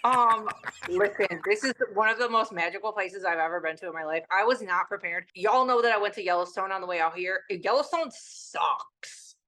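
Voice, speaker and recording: A woman's voice: mid-range voice, fairly quick, bright, forceful tone. A woman podcast co-host telling a road trip story in casual chat, swearing constantly and rambling animatedly.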